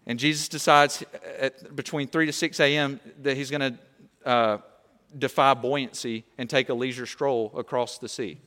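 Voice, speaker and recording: A young man preaching a sermon, animated and conversational, often checking in with "okay?". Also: mid-range voice, moderate pace, long reverb tail. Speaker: pastor.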